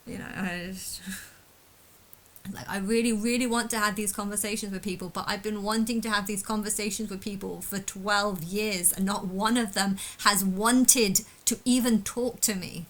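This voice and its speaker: A woman's voice: medium pitch, fairly even intonation, normal speed, fairly bright tone, poor audio. A woman talking alone to camera in an unscripted monologue, angry and distressed, ranting bitterly and swearing often. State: emotionally distressed. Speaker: vlogger.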